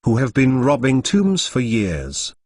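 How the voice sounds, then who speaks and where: A shameless old cultivator speaks with smug self-assurance, voiced by a synthetic male narrator. The delivery moves with wide pitch swings, and the sound is close and dry. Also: wildly swooping pitch, a little slow, dry recording.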